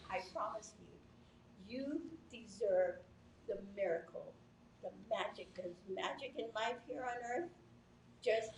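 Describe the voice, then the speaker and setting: Earnest woman in her sixties testifying. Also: mid-range voice. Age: 60s. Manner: earnest, unhurried, reassuring. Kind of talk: heartfelt testimony. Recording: echoey room from a distant mic, faint noise.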